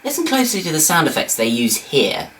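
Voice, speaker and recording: A woman's voice: low-pitched, big pitch swings, brisk, a bit bright, a little hiss or hum. A woman giving comedic review commentary with sarcastic, incredulous asides.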